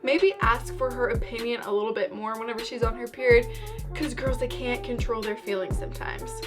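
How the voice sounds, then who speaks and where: A young woman talks straight to her viewers in a loose, rambling way, a little short of breath. Her voice sits a touch high. Music plays clearly under her speech. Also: steady tone, a little fast. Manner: chatty, rambling, upbeat. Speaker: vlogger. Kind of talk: casual advice vlog.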